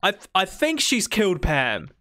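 A young woman with a mild New Zealand accent talks casually on a gaming livestream. She rambles, restarts her sentences and teases her viewers in a relaxed, chatty way. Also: mid-range voice, normal speed. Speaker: streamer.

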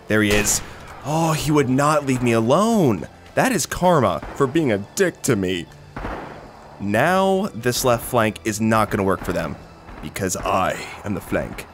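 A young man doing casual, excitable gameplay commentary, rambling, swearing and laughing between remarks. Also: on the low side. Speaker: gaming commentator. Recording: noisy with game gunfire behind. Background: gunfire and artillery from the game.

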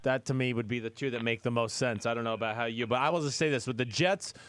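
A man co-hosts a relaxed sports talk show, chiming in with agreement and gentle ribbing. He often starts a thought, trails off, and starts again at an ordinary middle pitch. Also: fast talker. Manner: teasing, agreeable, trails off in restarts. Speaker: podcast co-host. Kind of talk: casual sports podcast chat.

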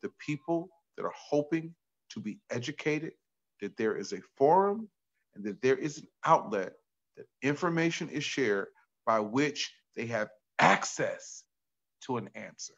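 A man, a pastor, telling stories in an excitable, talkative way during a chat, on a dull lo-fi recording. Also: medium pitch, unhurried. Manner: excitable, talkative, acts out quotes. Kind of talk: animated storytelling in a chat. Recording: dull lo-fi sound.

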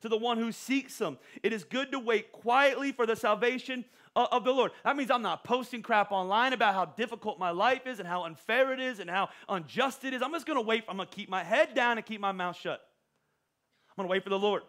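Bright, high-voiced animated pastor. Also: male voice, brisk. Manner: animated, joking preacher with stammering restarts. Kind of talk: sermon. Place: church auditorium.

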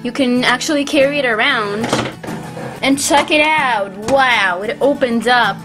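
A woman's voice: fairly high pitch, a little slow. A woman narrating a toy demonstration in an enthusiastic show-and-tell manner, as a voice-over over background music. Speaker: toy reviewer.

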